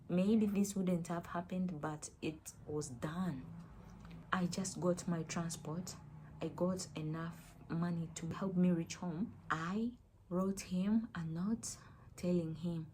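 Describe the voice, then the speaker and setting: A woman's voice: lowish voice, darkish tone, a little hiss or hum. A young woman vlogger earnestly retelling a painful personal story, acting out quoted dialogue.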